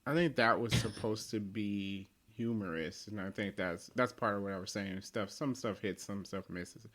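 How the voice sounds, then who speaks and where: A man hosting a casual movie podcast, animated, laughing often and acting out quoted lines. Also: fairly low pitch, normal speed. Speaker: podcast host. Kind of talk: casual movie review chat.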